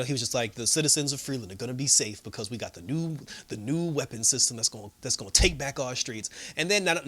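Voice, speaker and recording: A man casually recapping a TV episode, animated, with lots of fillers and frequent laughter. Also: mid-range voice. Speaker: show reviewer.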